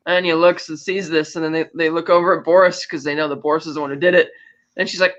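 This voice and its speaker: A woman's voice: lowish voice, quick pace, a bit bright, dull audio. Woman recapping a movie scene by scene. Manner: retells scenes, acting out characters' lines. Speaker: podcast co-host. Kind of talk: casual movie recap chat.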